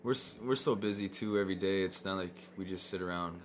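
Deep-voiced, halting male musician. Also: slight background noise. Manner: halting, many fillers. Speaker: musician guest. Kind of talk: casual chat.

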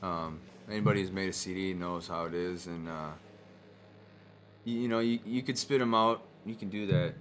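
Man, very deep voice, musician guest, halting, lots of fillers, faint noise. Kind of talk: casual chat.

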